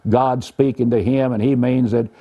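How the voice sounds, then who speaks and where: A man's voice: medium pitch, steady tone, moderate pace, mellow, highs cut off. A man teaching the Bible in an earnest, folksy, plainspoken way, using homely examples. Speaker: preacher.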